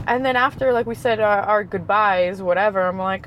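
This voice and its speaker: A woman from Queens, New York, chatting as a guest, an animated storyteller who acts out the dialogue in her stories and laughs often. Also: medium pitch, brisk, few pauses, a little hiss or hum, poor audio. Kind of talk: casual chat. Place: in a car.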